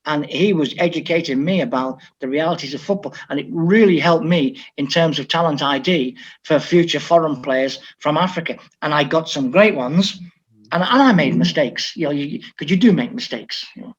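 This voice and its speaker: An older man from Liverpool, a football coach, telling stories in an animated way with frequent restarts. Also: a little high, moderate pace, slightly rough. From Liverpool, England. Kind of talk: storytelling interview talk. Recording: dull lo-fi audio.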